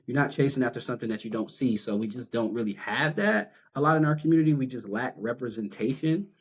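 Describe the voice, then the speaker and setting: A man's voice: medium pitch, fast, husky. A man speaking as a guest social worker in a casual interview, talking in an earnest, emphatic, conversational way.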